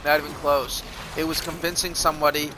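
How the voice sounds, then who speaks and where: A man telling a story on a live stream, swearing often in a loose, animated way. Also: a little high, fairly quick, a crowd in the background. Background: music.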